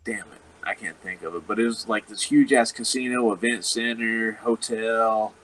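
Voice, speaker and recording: A man's voice: fairly low pitch, steady tone, normal speed, fairly bright tone, rough recording. A man, a wrestler, telling a rambling, profane story in casual chat and laughing often. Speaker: professional wrestler guest.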